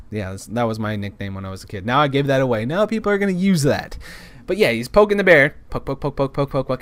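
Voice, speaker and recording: A man's voice: mid-range voice, fairly bright tone, no room sound. A man telling a work story in a casual monologue, rambling, repeating words and cursing now and then.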